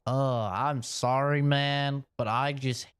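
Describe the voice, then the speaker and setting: A man's voice: mid-range voice, fairly even intonation, takes it slowly, clear, resonant tone, no echo. A man streaming a video game, commenting casually in a blunt, profane, sarcastic way.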